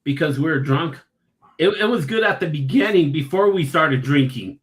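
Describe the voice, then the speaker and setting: A man's voice: on the high side, expressive, moderate pace, fairly bright tone. A man joining a casual sports podcast chat, joking and repeating words as he restarts his sentences.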